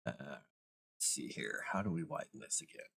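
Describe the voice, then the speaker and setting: A man's voice: rumbling low, big pitch swings, normal speed, creaky, a bit bright. A man hosting a casual live stream, thinking aloud as he works and chatting to viewers and his cat. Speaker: author and live-stream host.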